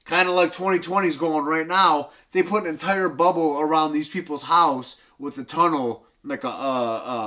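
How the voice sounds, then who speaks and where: A man comedian casually retelling a film, loose and profane, breaking into high squealing impressions and sound effects. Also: fairly bright tone.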